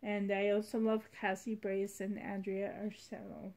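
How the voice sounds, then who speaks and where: A woman's voice: mid-range voice, little pitch movement, measured pace. A woman vlogging about her doll collection in a rambling, heartfelt way. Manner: rambling, heartfelt, soft-spoken. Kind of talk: casual vlog chat.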